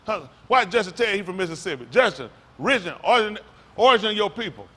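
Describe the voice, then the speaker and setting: A male pastor preaching loudly and quizzing his congregation, asking questions and calling on listeners. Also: high voice, lively intonation, fast. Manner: loud, rhetorical, questions the congregation. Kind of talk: sermon with audience back-and-forth. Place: congregation hall.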